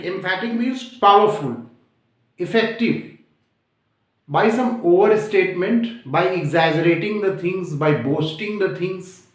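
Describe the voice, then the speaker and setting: Slow, echoey male grammar teacher. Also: sits high. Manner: repetitive, deliberate, defines terms over and over. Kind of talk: slow explanatory lecture. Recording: very echoey room.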